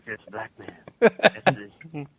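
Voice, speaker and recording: A male caller doing a comic impression of a laid-back movie star with a Southern drawl, slipping from loud lines into hushed whispers. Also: unhurried, close to an everyday voice, poor audio. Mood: joking. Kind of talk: comedic celebrity impression. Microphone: phone call into podcast.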